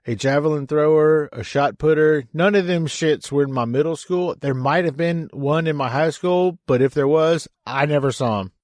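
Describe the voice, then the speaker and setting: A man's voice: fairly high pitch, moderate pace, few pauses, darkish tone, no echo, studio quality. A man from Texas hosting a podcast interview, joking and swearing casually as he talks. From San Antonio, Texas. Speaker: podcast host. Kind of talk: casual interview with sponsor read.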